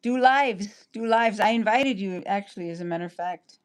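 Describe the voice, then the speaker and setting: A woman's voice: medium pitch, normal speed, clear, resonant tone. A woman chatting on a livestream, rambling and apologetic, stopping and restarting her sentences. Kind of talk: casual livestream chat.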